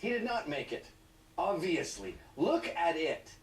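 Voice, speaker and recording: Sarcastic male comic, high voice, profane and mocking, recorded from a distance with faint hiss. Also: big pitch swings, unhurried, roomy sound. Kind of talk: satirical stand-up rant.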